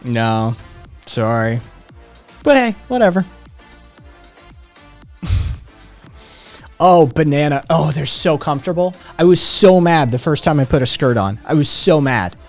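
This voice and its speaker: A brash man hosts a livestream and talks back to his viewers in a loose, teasing way. He swears freely and needles the people he answers. Faint music plays low behind him. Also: sing-song, unhurried, long pauses. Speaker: livestream host.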